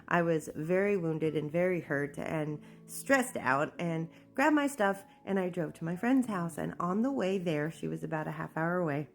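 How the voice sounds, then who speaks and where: A woman with a low, gravelly voice tells her own story candidly, slipping into the voices of the people in it. Faint music plays under her. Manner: candid, animated, acts out quoted speech. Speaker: memoir narrator. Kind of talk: personal storytelling.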